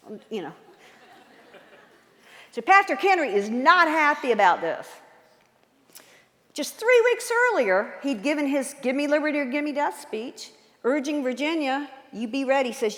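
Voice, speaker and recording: Animated woman speaker in a reverberant hall. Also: on the high side, fairly quick. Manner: enthusiastic, quizzes the audience with questions. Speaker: guest speaker and author. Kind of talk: lively history talk to a live audience. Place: large church hall.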